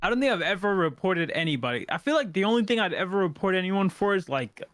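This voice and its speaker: A man with a slightly higher voice muses loosely as a podcast host, dropping casual profanity. The sound is dry and close, with no room around it. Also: sing-song, quick pace, a bit bright, no echo.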